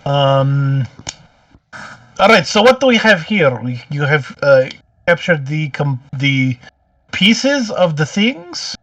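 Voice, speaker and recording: A man's voice: a little high, big pitch swings, takes it slowly, fairly bright tone, no room sound, recorded from a distance. A man playing in a tabletop game, joking and talking casually with the group. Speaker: player.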